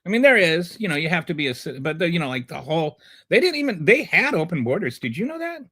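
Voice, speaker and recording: A man's voice: fairly high pitch, very animated, fast talker, pushed and bright. A man hosting a livestream who gives political commentary and answers live chat in a sarcastic, combative way, often rambling and restarting. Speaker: livestream show host.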